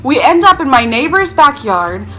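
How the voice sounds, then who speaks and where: A young woman vlogger telling her childhood stories in a casual, animated, self-mocking way, acting out the people in them. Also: mid-range voice, a little slow, soft background music. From North Carolina. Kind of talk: casual storytelling to camera.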